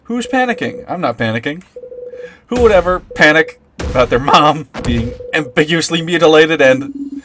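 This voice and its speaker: A man voicing an anxious young woman philosopher who panics easily and turns shrill when startled, over background music. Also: expressive, moderate pace, fairly bright tone, a little hiss or hum. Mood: alarmed.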